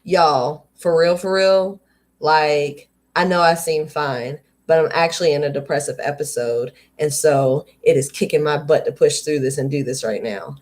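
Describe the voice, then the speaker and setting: A woman's voice: low-pitched, normal speed. A woman hosting a live read-aloud stream, reading a book and talking candidly with viewers in a casual, chatty way. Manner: candid and conversational, drifting into riffs and asides to viewers.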